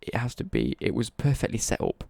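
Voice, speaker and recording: A man's voice: brisk, dark tone, dry recording. A young English man telling a rambling childhood story on a livestream, swearing freely and correcting himself mid-sentence.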